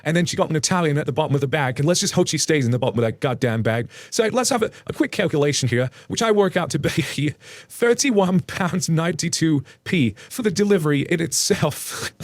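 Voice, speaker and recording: A British man from the United Kingdom reads out Reddit stories, joking about the posts in a chatty way and laughing often. His voice is fairly high, animated and brisk, with no room sound.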